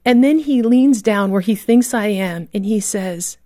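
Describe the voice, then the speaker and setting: A woman guest author telling a moving story in a radio interview, vivid and heartfelt, dropping to a hush at key moments. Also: mid-range voice, a little slow, no echo, studio quality.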